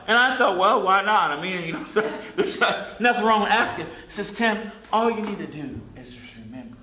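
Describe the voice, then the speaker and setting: A pastor preaches a sermon in a church sanctuary, easygoing and conversational, repeating short refrains and acting out prayers in his own voice. His high voice is bright and sharp, fairly quick with few pauses, and the room echoes around him.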